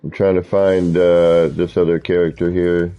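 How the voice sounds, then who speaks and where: A man's voice: sits low, little pitch movement, normal speed, mellow, clear, resonant tone, dull audio. A man streaming a video game, chatting in a rambling way with players who join him in voice chat. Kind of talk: casual live-stream chat while gaming.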